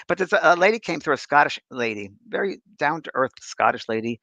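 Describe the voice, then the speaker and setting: A middle-aged man who works as a spiritual medium chats casually, telling stories with animation and acting out voices as he goes. His voice is a little high, a little fast, and creaky, and the audio is dull with no room sound.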